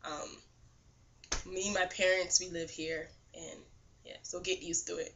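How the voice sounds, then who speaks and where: A woman's voice: on the low side, little pitch movement, unhurried, fairly bright tone, dull audio, voice pushed down. A woman voicing a blunt, offhand girl guide. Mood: matter-of-fact.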